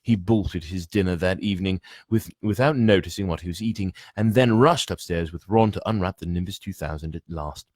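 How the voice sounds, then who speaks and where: A man's voice: deep voice, a little fast, few pauses, darkish tone, dry recording, studio quality. A man reading a book aloud, often stumbling and restarting, with chatty asides. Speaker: reader.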